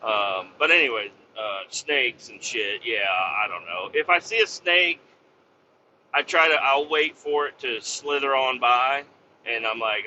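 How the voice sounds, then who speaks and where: Bright-voiced man rambling profanely. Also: medium pitch, animated, measured pace, muffled recording, a little hiss or hum. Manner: profane, rambling, full of fillers. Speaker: podcast host. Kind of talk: casual rambling monologue.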